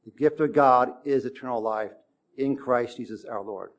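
A man's voice: mid-range voice, moderate pace. Man preaching a conversational sermon. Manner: conversational preaching with emphatic bursts. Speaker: pastor.

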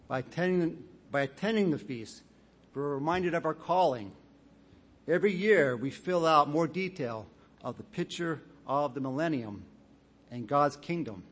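A man preaching a sermon in a measured, deliberate way, reading scripture passages aloud with rising emphasis. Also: on the high side, a bit bright.

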